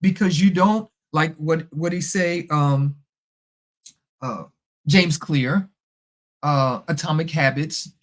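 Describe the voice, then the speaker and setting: A middle-aged woman talks through a personal story in a relaxed, chatty monologue. She is animated and keeps slipping into the voices of the people in her story. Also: low voice, slow, long pauses. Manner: animated, acts out past conversations. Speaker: podcast host.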